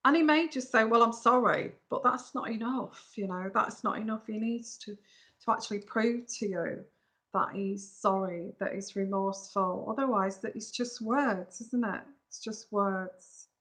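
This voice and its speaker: Woman, live tarot reader, blunt advice, bright voice, mid pitch, phone mic. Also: normal speed. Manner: frank, emphatic, talks straight to viewers. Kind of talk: live stream advice chat.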